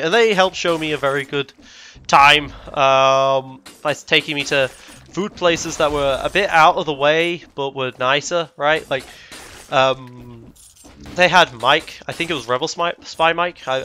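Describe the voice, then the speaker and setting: A young British man rambles through a casual travel vlog, often correcting himself and throwing in indignant asides. His voice is medium-pitched, pushed and bright, with a little hiss or hum in the audio.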